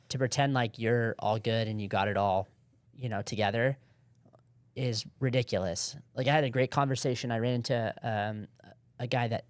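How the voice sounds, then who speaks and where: A man's voice: lowish voice, clean tone, dry recording. Young man, podcast co-host, casual rambling chat, dry close-miked sound. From Southern California. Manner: relaxed, rambling storytelling with laughs.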